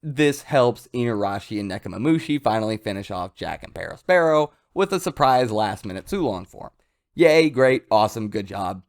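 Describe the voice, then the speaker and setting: A man giving casual, excitable commentary as a comics reviewer. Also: lowish voice, moderate pace. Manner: excitable, animated, hyped. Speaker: manga reviewer.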